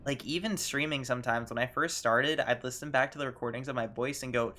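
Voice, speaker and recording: A young man chatting casually while streaming a video game, self-conscious and quick to laugh. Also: medium pitch, sharp tone. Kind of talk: casual gaming stream commentary.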